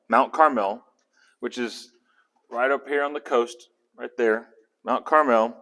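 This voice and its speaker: Animated male Bible study teacher. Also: medium pitch, slow pace, long pauses. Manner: animated, conversational, asks the group questions.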